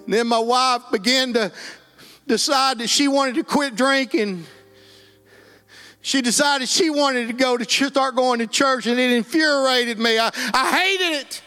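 Man, east texas accent, very high voice, earnest plainspoken testimony, faint music underneath. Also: unhurried, bright, forceful tone, clean tone. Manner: earnest, plainspoken Southern storytelling. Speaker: guest giving testimony. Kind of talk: emotional personal testimony.

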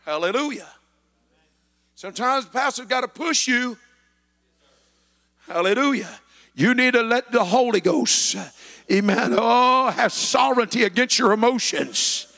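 A man preaching a sermon as pastor, building to shouted passages with scripture quotes in a church. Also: extremely high pitch, unhurried, vocal fry, long pauses, big-room sound. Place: church sanctuary.

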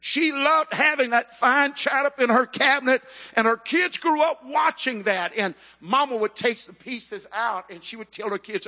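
A male preacher delivering a fervent sermon, rising into shouted emphasis. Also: sits high, moderate pace. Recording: echoey hall.

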